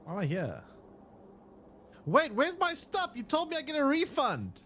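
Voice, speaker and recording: A man's voice: very high-pitched, huge pitch swings, normal speed, a bit bright. A man streaming a game, ranting in exasperation and swearing at what happens on screen. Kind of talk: live gameplay commentary.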